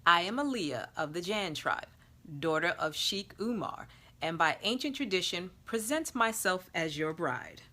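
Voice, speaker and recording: A woman voicing a gentle female genie who speaks formally and soothingly. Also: fairly low pitch, lively intonation, measured pace, exaggerated voice.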